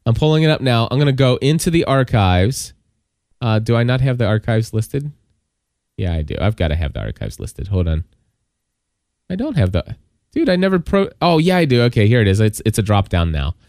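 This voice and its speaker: A man's voice: mid-range voice, big pitch swings, brisk, darkish tone, no room sound, studio quality. Chatty, stammering podcast host man. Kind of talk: casual chat.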